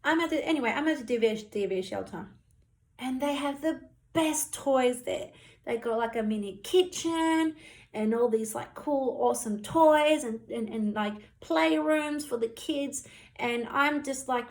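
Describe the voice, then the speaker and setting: Woman, 30s, fairly high pitch, unscripted personal testimony, earnest and heated with lots of fillers. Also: a little slow. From Australia. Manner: earnest, heated retelling full of "you know" and "like". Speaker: storyteller recounting her childhood.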